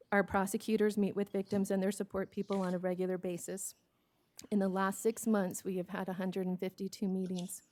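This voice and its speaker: An American woman delivers a prepared report to a county board in an earnest, steady manner. Her voice is mellow and warm, and she keeps her pitch flat and even. She speaks at a middle pitch. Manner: steady and earnest, becoming emotional and hesitant. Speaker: victim services presenter at a county meeting. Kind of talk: reading a prepared report, then answering questions.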